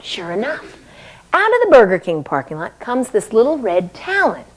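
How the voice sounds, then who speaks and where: A woman's voice: medium pitch, normal speed, poor audio. A woman comedian from New Hampshire telling a long personal story on stage, acting out voices and sound effects and laughing as she goes. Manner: animated, acts out voices and sound effects, laughs between lines. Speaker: stand-up comedian.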